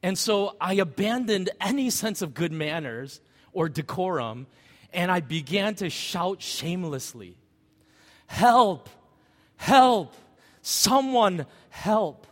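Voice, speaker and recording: A middle-aged male pastor preaching with a lively, swooping delivery and a fairly high voice. His storytelling leans on rhetorical questions. The sound rings with a long church-hall reverb. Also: measured pace. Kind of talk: sermon.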